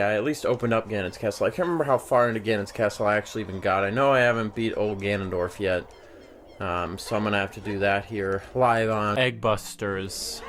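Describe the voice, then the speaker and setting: Deadpan young man rambling over gameplay. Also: medium pitch, a little hiss or hum. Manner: dry, rambling, jokey asides. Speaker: gaming video host.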